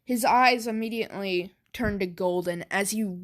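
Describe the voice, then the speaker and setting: A woman's voice: medium pitch, normal speed. A woman improvising a fan story aloud, hesitant and stammering with many fillers.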